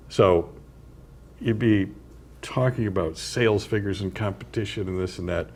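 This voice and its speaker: An older man, an author and interview guest, telling unhurried anecdotes with dry chuckles in a community TV studio. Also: sits low, darkish tone. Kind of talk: storytelling interview.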